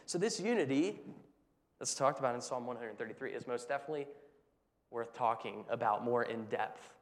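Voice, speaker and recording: A man's voice: medium pitch, animated, a little fast, long reverb tail. A pastor delivering a Sunday sermon in a conversational style, often checking in with his listeners through rhetorical questions. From United States.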